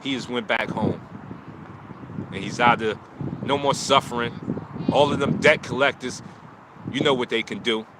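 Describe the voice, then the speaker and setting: A man's voice: medium pitch, moderate pace, pauses often, very noisy. A man talking live about loss and motivation in short, preaching lines, recorded outdoors on a phone. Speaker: martial arts teacher streaming live. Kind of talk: emotional live stream talk.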